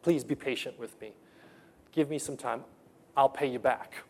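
A man's voice: medium pitch, normal speed, natural voice. A man voicing a desperate male servant who begs for time to repay a debt, in a retold parable. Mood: pleading. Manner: begging, soft. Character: pleading indebted male servant on his knees.

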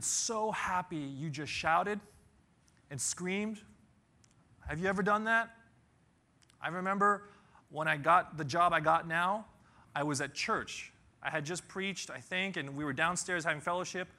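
A man delivers a sermon in an unhurried, deliberate way, his voice bright and somewhat higher than most men's. He retells a Bible story with lively storytelling, bursting into shouts and holding dramatic pauses. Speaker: pastor.

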